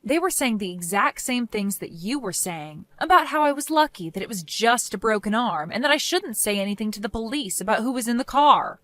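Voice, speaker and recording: A woman's voice: fairly high pitch, animated, fairly quick, hardly any pauses, a bit bright, no room sound. Young woman, cold and firm. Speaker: narrator and main character. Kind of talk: scripted story voice acting.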